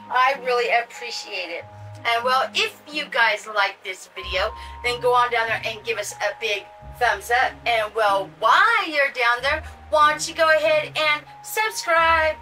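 A woman's voice: fairly high pitch, bright, forceful tone, distant mic, rough recording. An older woman hosting a casual doll unboxing vlog, gushing and chatty as she talks straight to her viewers. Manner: gushing, chatty, addresses viewers as you guys. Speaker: doll channel host.

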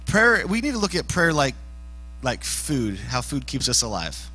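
A man giving a casual youth sermon as a youth pastor, animated and joking, often climbing to shouts. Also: mid-range voice, a little slow, rough recording. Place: church youth service.

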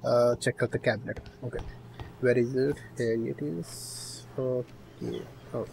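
A man giving rambling play-by-play commentary on a horror game, with loud outbursts. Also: mid-range voice, fairly even intonation, unhurried, gravelly, a little hiss or hum, rough recording. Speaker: gaming streamer.

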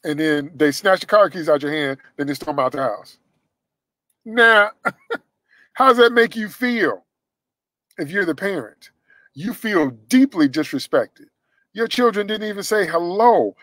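A man's voice: high-pitched, animated, measured pace, pauses often, dry recording, poor audio. Emphatic preacher man, dry close sound. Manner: emphatic, swings from loud to hushed, acts out quoted voices. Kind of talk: sermon.

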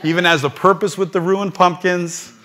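A man preaching as a rabbi and pastor, telling a personal story during a live church service with animated, rising peaks. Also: high voice, moderate pace.

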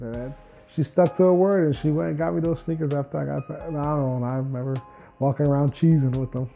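Gravelly man telling his story. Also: fairly high pitch, fast talker, dull audio, faint music behind. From New Jersey. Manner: acts out quoted people with lively voices. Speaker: former college football player. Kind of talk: reflective personal storytelling.

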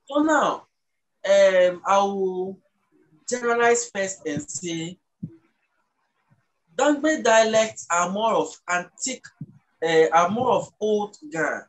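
A speaker from Ghana, patiently explaining the language as an interview guest and slowing down to sound out words. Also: medium pitch, expressive, rough recording. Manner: teacherly, slows down to sound out words.

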